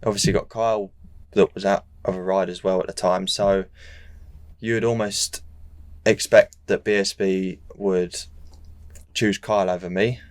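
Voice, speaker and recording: A young man, telling his story in a relaxed, rambling way full of restarts and fillers, as a podcast guest. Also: low voice, moderate pace, dry recording. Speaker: guest racing rider. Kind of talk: casual interview chat.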